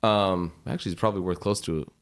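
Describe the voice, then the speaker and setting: A man on a podcast, telling anecdotes in animated, profane style and acting out the people in them. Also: low voice, quick pace. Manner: animated, profane, does voices when telling stories. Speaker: podcast guest. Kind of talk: casual storytelling.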